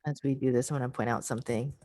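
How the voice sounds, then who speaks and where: A woman's voice: very deep voice, darkish tone, dry recording, clean studio sound. A woman presenting an online teacher workshop over a video call, patient and repeating her key points.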